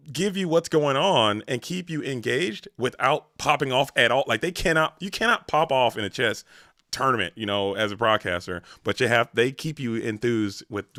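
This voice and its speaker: A man's voice: medium pitch, no room sound, studio quality. A man from the United States, an esports caster, chatting and joking playfully with his co-hosts between matches. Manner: animated, playful, bursts of excited emphasis. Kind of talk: casual banter between casters.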